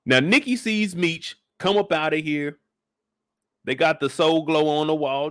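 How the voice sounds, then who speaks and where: Unhurried and a little high-voiced, a young man breaks down a show episode for laughs on a dry recording. Expect lots of profanity as he animatedly acts out the characters.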